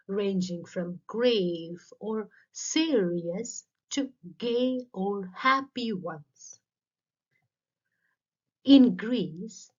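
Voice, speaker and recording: A woman's voice: mid-range voice, a little mellow, slightly rough. A woman giving a methodical lecture on literature, explaining terms step by step as a voice-over. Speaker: literature teacher. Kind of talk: scripted lecture narration. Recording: dull lo-fi voice-over.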